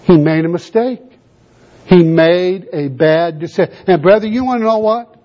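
A man's voice: high voice, normal speed, mellow. A man preaching a sermon, emphatic and full of rhetorical questions to his congregation. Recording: dull lo-fi recording.

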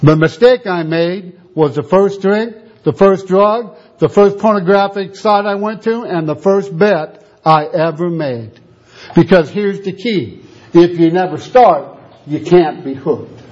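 A man's voice: high-pitched, measured pace, darkish tone. A man preaching a sermon, telling a story and acting out the voices of the people in it. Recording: dull lo-fi sound.

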